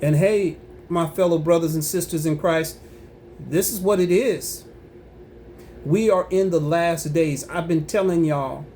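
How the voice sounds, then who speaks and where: A man with a slightly high, dark-toned voice delivers impassioned religious commentary on his own channel at a measured pace. He is emphatic and preachy, repeats himself, and breaks into angry, rising outbursts over a little hiss or hum.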